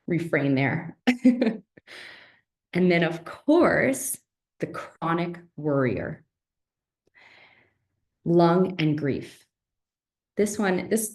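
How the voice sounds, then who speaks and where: Lower-voiced woman teaching in a roomy space. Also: a little mellow. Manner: conversational, asks rhetorical questions, frequent "right?". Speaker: naturopathic teacher. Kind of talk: online health lecture. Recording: roomy echo.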